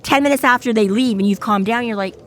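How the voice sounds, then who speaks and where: A woman's voice: on the high side, quick pace. A woman co-hosting a casual book discussion podcast, talking animatedly, acting out characters' lines and often adding "right?". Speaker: podcast co-host.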